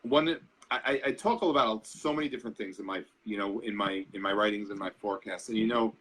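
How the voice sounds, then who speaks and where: A man's voice: on the low side, a little fast, fairly bright tone, breathy edge, poor audio. A man guesting on a talk show as an astrologer, speaking in an earnest, reflective way. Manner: earnest, reflective, repeats words. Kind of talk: interview talk.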